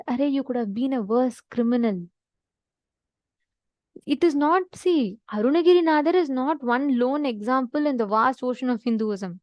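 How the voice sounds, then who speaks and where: A woman's voice: on the high side, no room sound, muffled recording. A woman giving a spiritual discourse as a teacher, telling stories, calling on listeners by name and asking them rhetorical questions.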